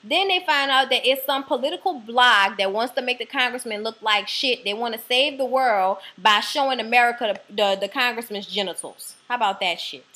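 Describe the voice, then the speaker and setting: A woman with a New Orleans accent giving a casual, profane, animated recap of a TV episode. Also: a little high, brisk, few pauses. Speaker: TV episode reviewer.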